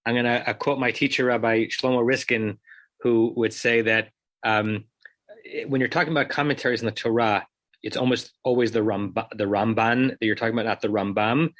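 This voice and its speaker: Rabbi leading an online text class. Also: male voice, medium pitch, fairly even intonation, a bit bright, dry recording. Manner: thoughtful, explanatory, halting with fillers. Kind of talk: online study class discussion. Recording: dry video call audio.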